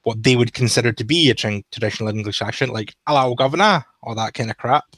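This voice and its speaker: A man's voice: on the low side, fairly even intonation, fast talker, fairly bright tone, slightly rough, no echo. A man co-hosting a casual podcast over a headset, thoughtful and explaining his point at length. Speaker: podcast co-host. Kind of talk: casual chat.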